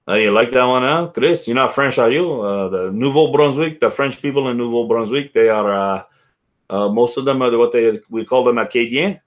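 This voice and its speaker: A man's voice: mid-range voice, moderate pace. A man hosting a casual whisky live stream, rambling and chatting with viewers by name. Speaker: livestream host.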